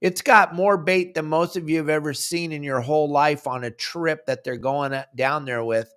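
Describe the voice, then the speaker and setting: A man's voice: a little high, steady tone, normal speed, fairly bright tone. A man hosting a fishing podcast, telling stories animatedly with playful impressions. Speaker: podcast host. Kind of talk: casual chat.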